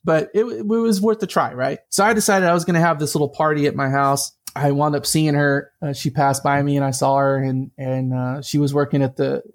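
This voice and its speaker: Chatty, animated man telling a story. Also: on the high side, brisk, hardly any pauses. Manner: animated, chatty, lots of fillers and asides. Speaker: guest telling a personal story. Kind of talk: casual conversational storytelling.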